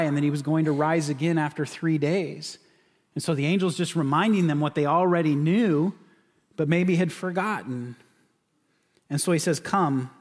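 A man from California preaching a sermon as pastor, in a conversational way with frequent restarts and repeated words. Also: on the high side. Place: church sanctuary. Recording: church sanctuary with long reverb.

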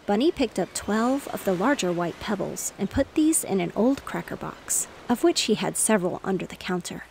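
A woman narrating a bedtime story in a gentle, steady reading voice. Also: medium pitch, moderate pace, creaky, a little hiss or hum. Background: faint waves.

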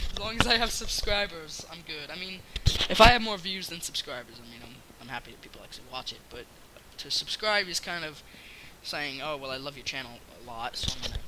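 A young man hosting a casual gameplay video, rambling and excitable, with bursts of shouting at other players. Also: high voice, noisy background. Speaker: gaming channel host.

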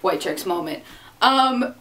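A woman's voice: on the low side, lively intonation, takes it slowly. A young woman vlogger ranting to camera, exasperated, sarcastic and profane. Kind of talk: casual rant to camera. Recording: distant mic with faint noise.

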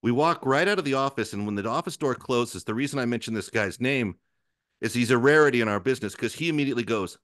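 A man's voice: mid-range voice, quick pace, no echo, clean studio sound. A man as a podcast guest, telling an anecdote in a rambling, profane way and acting out the other people in it. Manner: animated storyteller who acts out other people's lines; profane, rambling, self-interrupting.

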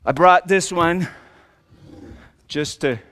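Wry, exasperated Joseph the carpenter tells his own story in a first-person sermon, as a pastor plays him. He jokes at his own expense and swings into big emphatic bursts, all at a slow, unhurried pace in a fairly high voice. A long reverb rings around him in the church sanctuary. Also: a bit bright.

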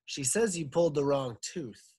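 A man's voice: on the high side, animated, normal speed, dark tone, husky, pitched above the performer's own voice. A man doing a fussy receptionist lady. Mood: alarmed. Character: fussy adult female receptionist.

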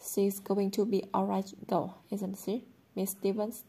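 A woman reading the lines of an upset teenage boy skater, speaking quietly and subdued. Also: medium pitch, level tone, unhurried, slightly rough.

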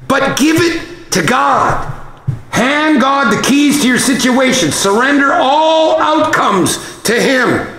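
A man's voice: very high-pitched, pushed and bright. A man pastor preaching an emphatic, exhorting sermon, raising his voice at times. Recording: echoey hall with long reverb.

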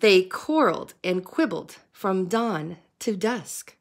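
A woman reading a picture book aloud to children in an expressive, sing-song way, like a teacher. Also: mid-range voice, slow. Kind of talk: storybook read-aloud.

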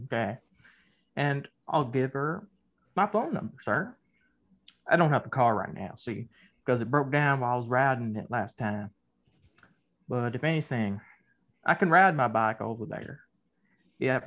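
A man playing a folksy, eager-to-please small-town guy who talks in a slow drawl and keeps calling people sir. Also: medium pitch, a bit bright, lo-fi sound. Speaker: character in a comedy web series. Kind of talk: scripted comedy sketch on a conference call.

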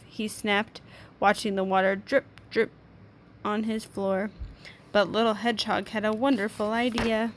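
A woman teacher reading a children's picture book aloud to a class, in clear, sing-song storytelling. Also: mid-range voice, little pitch movement, measured pace.

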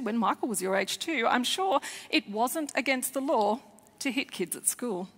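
A woman, a children's author and former teacher, telling a lively, expressive story to schoolchildren at a festival. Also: high-pitched. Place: large festival hall. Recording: long hall reverb.

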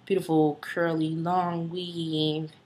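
A young woman in her early twenties vlogs to camera in an easygoing, rambling way, piling up fillers and side remarks. Her voice sits noticeably low. A faint hiss runs under the recording. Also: flat delivery, takes it slowly, a little mellow. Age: early 20s. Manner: chatty, rambling with many fillers and asides. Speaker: vlogger. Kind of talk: casual chat to camera.

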